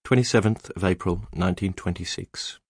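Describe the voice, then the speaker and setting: Deep-voiced male audiobook narrator. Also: slightly rough, dry recording, studio quality. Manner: measured, even storytelling. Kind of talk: scripted narration.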